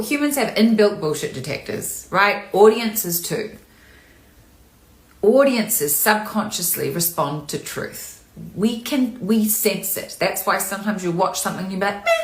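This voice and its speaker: A woman's voice: medium pitch, expressive, a little slow. A woman acting coach talking candidly and chattily in a live-streamed Q&A, sometimes showing emotion. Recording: echoey room.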